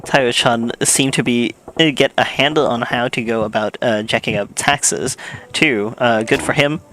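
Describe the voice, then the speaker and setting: Smug scheming gangster read by a man, bright forward voice, mid pitch. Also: measured pace, natural voice. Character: scheming male gangster mentoring a bureaucrat. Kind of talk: reading game dialogue aloud.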